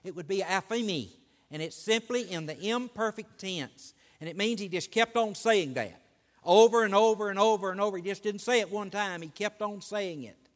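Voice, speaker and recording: High-voiced preacher in a reverberant hall. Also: male voice, normal speed. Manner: rises and swells with excitement, stretching key phrases. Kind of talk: sermon.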